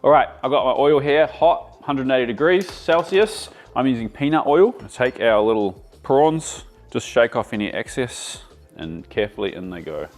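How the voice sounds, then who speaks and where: An Australian man talks his viewers through a recipe in a relaxed, chatty way, full of enthusiasm. His voice sits in an ordinary middle register, with soft music and the sizzle of a pan beneath it. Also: medium pitch, normal speed. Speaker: cooking show host. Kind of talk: casual cooking demonstration.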